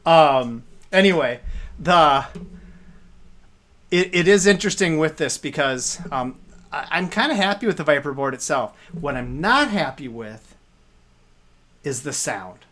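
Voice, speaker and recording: A man's voice: on the high side, expressive, a little slow, pauses often, a bit bright. A man casually explaining arcade hardware on a live stream, rambling with fillers as he points things out.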